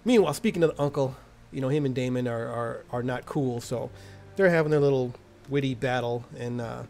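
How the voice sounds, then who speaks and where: A man's voice: medium pitch, a little fast, creaky, darkish tone, soft background music. A man casually recapping a TV episode in a slangy, crude, jokey way. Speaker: TV episode reviewer.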